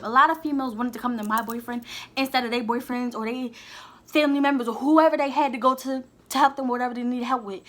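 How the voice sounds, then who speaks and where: Bright-voiced young woman telling a storytime. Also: sits high. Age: young adult. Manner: candid, heated, talks straight to viewers. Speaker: vlogger. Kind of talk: storytime vlog.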